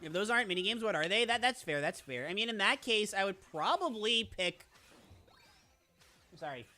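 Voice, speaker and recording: Guy streamer rambling to chat, kinda high voice, bouncy and all over the place, says like a lot. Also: animated, a little fast, pushed and bright, soft background music. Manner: rambling and playful, full of "like" and restarts; reads and answers chat. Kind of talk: casual live-stream chat.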